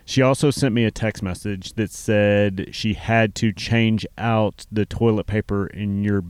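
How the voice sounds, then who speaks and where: A man's voice: lowish voice, fairly even intonation, measured pace, darkish tone, clear, resonant tone, no room sound. A man co-hosting a radio show, joking and teasing his co-host in a casual way, recorded in a mobile studio. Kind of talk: casual banter.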